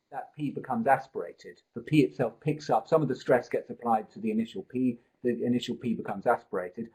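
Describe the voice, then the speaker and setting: Speaking into a computer microphone, this man leads a live online pronunciation seminar, giving long explanations and restarting as he thinks aloud. He has a medium, darkish, slightly rough voice, and the recording is rough.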